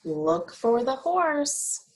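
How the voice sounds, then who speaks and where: A woman teaching young children, asking questions about farm animals and answering them in a drawn-out, encouraging way. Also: a little high, sing-song. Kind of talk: slow, sing-song teaching of young children.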